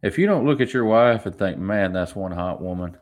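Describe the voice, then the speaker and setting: Guy in his 20s solo podcasting, kinda low voice, rambly, restarts a lot, chuckles. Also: animated, brisk. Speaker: podcast host. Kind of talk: casual solo podcast storytelling.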